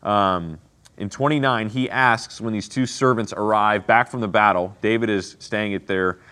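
Leading a Bible study, a man with a lowish, sharp-toned voice explains the passage at normal speed in a casual, conversational way. His teaching carries commentary, and he often checks in with "okay?" and "right?".

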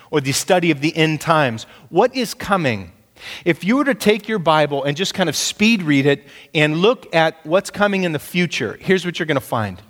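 Male pastor, sermon, slightly high voice, emphatic, rhetorical questions, long hall reverb. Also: fairly bright tone.

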